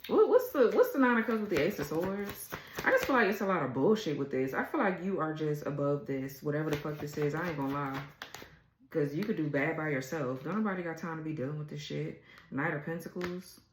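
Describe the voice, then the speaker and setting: A woman's voice: sits low, lively intonation, fairly quick, roomy sound, slight background noise, rough recording. A woman doing a casual tarot reading, blunt and exasperated, swearing freely as she reads the cards. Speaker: tarot reader.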